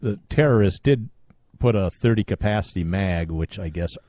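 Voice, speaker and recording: A jokey, agreeable man co-hosting a casual talk show, his pitch moving a lot. The sound is dry and close to the mic. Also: expressive, normal speed, dark tone, no room sound. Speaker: podcast co-host. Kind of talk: casual chat.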